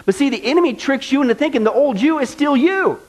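A man's voice: extremely high pitch, animated, quick pace. A male pastor preaching a sermon in a folksy style, driving points home with repetition.

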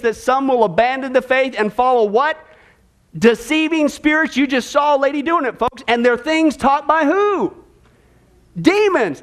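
Very high-voiced preaching man. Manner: animated, sarcastic preaching. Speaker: pastor. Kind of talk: sermon.

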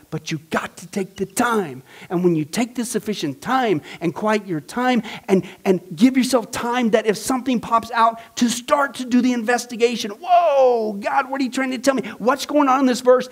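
A male pastor teaching a Bible study class, animated and emphatic, with exclamations and repeated phrases. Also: high voice.

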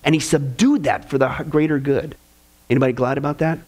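A man's voice: fairly high pitch, steady tone, fast, darkish tone. A man teaching a discipleship class in a casual, folksy way, with sarcastic humor and chuckling asides.

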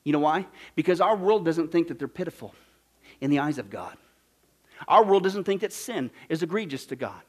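A preacher from Kansas with a high-pitched voice, delivering a sermon full of drama. He swings from loud, shouted bursts to quiet, hushed asides and acts out the characters in his story. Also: animated, normal speed. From Kansas, USA.

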